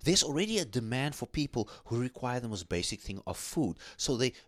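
A man's voice: mid-range voice, a little fast, dry recording. A man co-hosting a casual discussion, emphatic and repeating his points. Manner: animated, emphatic, repeats "yeah" and "okay". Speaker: podcast co-host.

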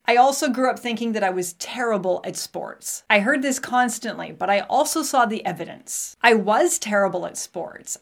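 A woman in her forties hosts her own show and tells a personal story in a candid, lively way. Her voice sits mid-range with a gravelly edge. She breaks into the remembered dialogue as she goes. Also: medium pitch. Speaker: podcast host.

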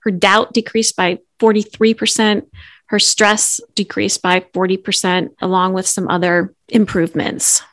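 A middle-aged woman coach speaking on a podcast, explaining mindfulness gently and earnestly, with light laughs. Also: medium pitch, flat delivery, unhurried, dry recording, studio quality. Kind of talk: conversational explanation.

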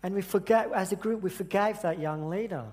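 A man's voice: sits high, darkish tone. A man giving an earnest sermon at church, telling a personal story and often restarting his sentences. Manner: earnest, halting with repeated restarts. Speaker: church speaker. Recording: echoey hall with long reverb.

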